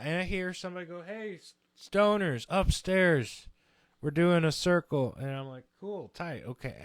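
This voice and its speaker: On a podcast, a young man with a medium-pitched voice casually tells a long story. He's animated and swears, acting out quotes in other voices.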